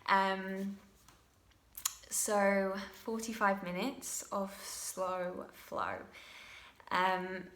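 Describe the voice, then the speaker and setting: A woman teaching a slow yoga class, moving from a loose chatty intro with fillers to soft, unhurried cues for breathing and poses. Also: fairly low pitch. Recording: very echoey room with faint noise.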